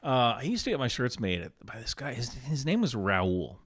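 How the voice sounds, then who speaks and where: A man with a stuffy nose, a podcast guest in casual conversation, telling animated anecdotes with big swings in his voice. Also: mid-range voice, moderate pace, slightly rough, dry recording.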